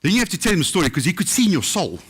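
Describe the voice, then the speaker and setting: A man with a South African English accent, his voice sitting a little high, tells stories to a live audience. He acts out the voices of people he quotes as he goes. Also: very fast, slightly rough. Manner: animated anecdotes, acting out quoted voices. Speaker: chef telling stories. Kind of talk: live storytelling talk. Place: book festival stage.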